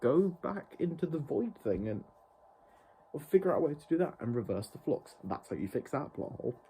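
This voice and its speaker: A man's voice: on the high side, big pitch swings, brisk, warm tone, husky. A man reviewing a TV show in an exasperated, profane rant. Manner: exasperated, heavily profane ranting. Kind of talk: ranting review vlog.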